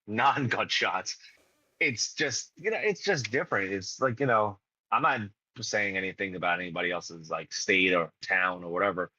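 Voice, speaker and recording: A man from New York talks in a bright, forceful voice with a New York accent. He rambles and swears through a loose podcast chat. The sound is dry and a little dull. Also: on the low side, no room sound. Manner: rambling and profane, heavy fillers. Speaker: podcast co-host. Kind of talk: casual chat.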